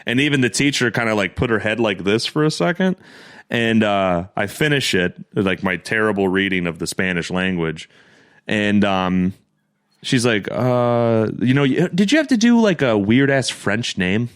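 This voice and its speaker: A man's voice: on the low side, lively intonation, normal speed, smooth. A young man co-hosting a podcast, telling stories in a casual, profane way and laughing often. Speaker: podcast co-host. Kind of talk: casual chat, storytelling.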